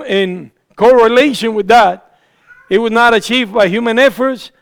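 Man, preacher, sermon, emphatic, repetitive stress, high voice, gravelly. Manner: emphatic, repeats phrases for stress.

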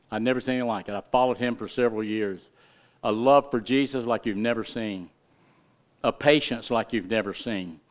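A man's voice: medium pitch, a bit bright, clear, resonant tone. A middle-aged man preaching a sermon in a folksy, emphatic way, full of rhetorical questions. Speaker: pastor.

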